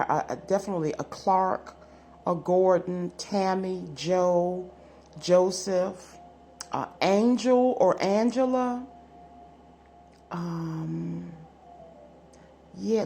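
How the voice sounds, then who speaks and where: A woman with a somewhat low voice gives a casual general tarot reading to her viewers. She talks in a chatty, self-assured way and repeats her phrases. A faint hum of room noise sits behind her. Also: dark tone. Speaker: tarot card reader.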